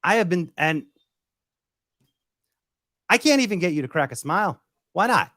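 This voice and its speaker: A man's voice: high-pitched, big pitch swings, moderate pace, bright, forceful tone, dry recording, clean studio sound, exaggerated voice. A man playing a defensive, hot-tempered husband in an improv scene, sarcastic and blustery. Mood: indignant.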